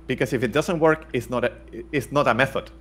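A man's voice: medium pitch, fairly quick, a little hiss or hum. A middle-aged man from Spain, talking bluntly as an interview guest with many restarts. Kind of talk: casual interview talk.

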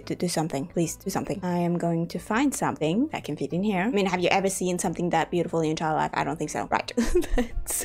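A young woman talks through her game in a hurried, panicky way, coaching herself aloud and laughing at her own mistakes. Her voice sits in an ordinary middle pitch, and her delivery stays casual and chatty. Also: a little mellow. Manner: frantic, self-talking under time pressure, laughs often. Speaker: gaming YouTuber. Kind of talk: casual gameplay commentary.

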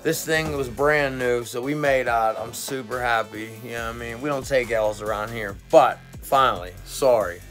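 A man casually chatting and reviewing his cannabis gear in a vlog, excitable and swearing constantly in slangy talk. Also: medium pitch, moderate pace, few pauses, faint music behind. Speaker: cannabis vlogger. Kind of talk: casual profane vlog chat.

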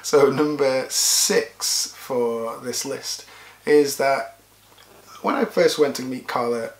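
A man's voice: mid-range voice, steady tone, slow, a little hiss or hum. A man from the UK co-hosting a casual couple's vlog, dry and sarcastic. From UK, Yorkshire. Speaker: vlog co-host. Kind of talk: casual chat. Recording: echoey room.

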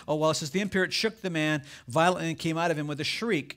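High-voiced man preaching a sermon. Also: quick pace, few pauses, fairly bright tone. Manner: preaching with rising fervor, acting out quoted voices. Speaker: pastor.

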